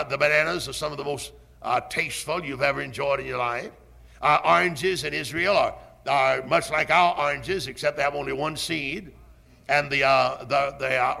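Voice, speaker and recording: An older man preaching a sermon, slow and emphatic, swinging up and down in his delivery. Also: a little high, creaky, bright, forceful tone.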